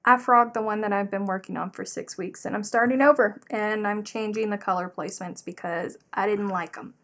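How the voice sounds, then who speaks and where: A chatty woman hosting a live craft stream, telling stories with lots of animation. She speaks at an ordinary middle pitch in a casual, rambling way and stops to read out comments from her viewers. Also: fairly quick. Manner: animated storyteller, reads out chat comments. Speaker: livestream host. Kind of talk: casual chat while crocheting.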